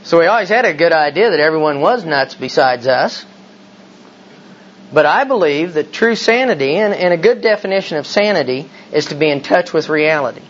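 A man preaching a sermon, emphatic and full of rhetorical questions. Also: on the high side. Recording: slightly dull recording with faint hiss.

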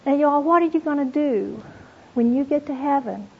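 This devotional teaching comes from a high-pitched woman with vocal fry who speaks at a moderate pace. Earnest and storytelling in manner, she reads Bible passages aloud and calls her audience "you all," all captured on a dull, lo-fi recording.

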